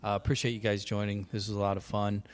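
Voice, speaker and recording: A man hosting a podcast, chatting casually and telling lively stories with frequent laughs. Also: on the low side, fast talker. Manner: animated storyteller, laughs often. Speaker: podcast host. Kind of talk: casual chat.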